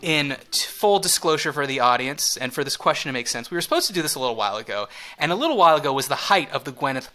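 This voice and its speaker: A man's voice: on the high side, expressive, racing, bright, forceful tone, faint music behind. A man hosting a comedy podcast, talking in a playful, giggly, rambling way. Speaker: podcast host.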